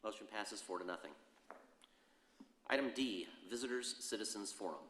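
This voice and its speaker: Deep-voiced man chairing a council meeting. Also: animated, a bit bright, a little hiss or hum. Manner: brisk, procedural, reads rules aloud. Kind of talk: formal meeting procedure. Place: council chamber. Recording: roomy chamber with long reverb.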